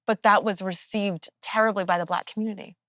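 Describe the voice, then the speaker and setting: An earnest woman hosts a podcast interview and makes her points in a measured, opinionated way. Her voice sits in a mid range, and the sound is dry and close to the mic. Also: medium pitch, steady tone, a bit bright, no room sound. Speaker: podcast host. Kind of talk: interview conversation.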